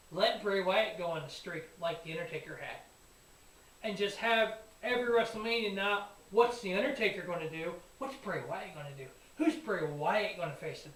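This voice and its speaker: A man hosting a sports show, recapping a wrestling event in an excitable, rambling, profane way. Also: high-pitched. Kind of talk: casual wrestling review. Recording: echoey room, voice a bit far from mic.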